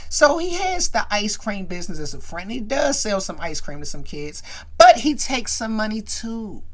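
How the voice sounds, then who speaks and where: A woman's voice: medium pitch, big pitch swings, normal speed. A woman host casually recapping a movie scene, chatty and acting it out.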